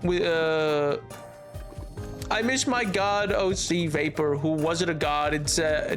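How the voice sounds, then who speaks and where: A man talks casually to his stream viewers while he plays. His voice sits high, and he often stammers and circles back mid-sentence. Soft music plays faintly behind him. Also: takes it slowly, long pauses. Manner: rambling, frequent restarts and stammers. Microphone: headphones on while streaming.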